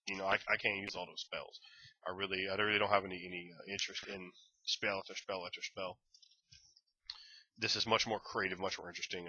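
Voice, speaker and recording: A man's voice: on the low side, pushed and bright, slightly rough, no room sound, lo-fi sound. A man giving a casual, enthusiastic and rambling review of a tabletop game book.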